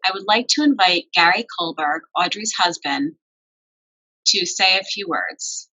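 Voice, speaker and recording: A woman hosts the tribute and reads out prepared introductions of each honoree. Her tone is bright and crisp, and her voice sits on the low side. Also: lively intonation, unhurried, rough recording. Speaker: event host. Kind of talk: scripted tribute reading.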